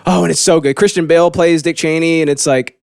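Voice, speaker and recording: A podcast co-host tells animated stories in casual chat, laughing often. His voice is a little high, gravelly yet smooth, and quick. The recording is dry and studio-quality.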